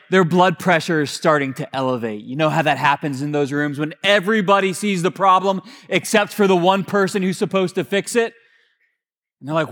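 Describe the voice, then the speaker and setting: A male pastor delivering a sermon in a conversational storytelling way, with casual fillers and restarts, and dropping to a hushed voice for emphasis. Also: high-pitched, long reverb tail. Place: church sanctuary.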